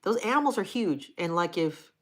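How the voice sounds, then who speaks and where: Middle-aged woman, livestream host, low-ish voice, blunt, casual and profane. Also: lively intonation, normal speed. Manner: frank and profane, chatty. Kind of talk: casual live chat reading viewer comments.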